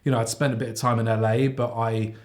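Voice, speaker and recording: A man's voice: medium pitch, little pitch movement, quick pace. Young English male host, jokey and chatty, casual pub conversation. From England. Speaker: podcast host.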